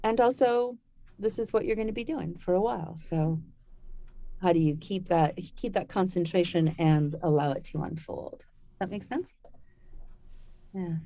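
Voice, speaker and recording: Warm-toned woman coaching voice actors. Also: fairly low pitch, normal speed, pauses often, dry recording. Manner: encouraging, restarts phrases as she thinks. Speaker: host of a voice acting training class. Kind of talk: casual coaching talk.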